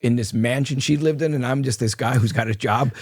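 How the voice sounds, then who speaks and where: A man's voice: mid-range voice, a little fast, darkish tone, no echo, clean studio sound. An older man, a guest in an interview, telling rambling anecdotes full of restarts and quoted dialogue. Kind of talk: casual storytelling interview.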